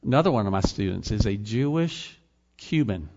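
Lively in intonation and darkish in tone, a lower-voiced pastor who teaches college preaches at a moderate pace, questioning the congregation rhetorically and building to emphatic claims. Slight background noise sits under the dull, lo-fi recording.

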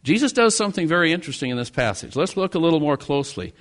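A man's voice: a little high, sing-song, very fast. A man from the United States preaching a sermon, earnest, with rising and falling emphasis. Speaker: pastor.

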